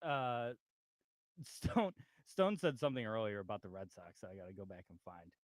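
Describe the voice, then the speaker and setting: A man's voice: lowish voice, normal speed, no room sound. Guy hosting a sports radio talk show, reads the chat, very up and down voice, dry sound. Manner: animated, reads out chat comments.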